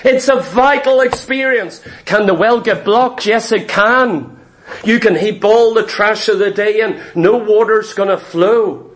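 A man's voice: sits high, a little slow. A man preaching a sermon, emphatic, repeating his phrases and firing rhetorical questions at the congregation.

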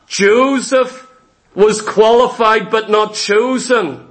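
Man, high-pitched voice, pastor preaching a sermon, emphatic, rhetorical questions, stumbles over the first words of phrases. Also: slow pace. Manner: repeats words when starting phrases.

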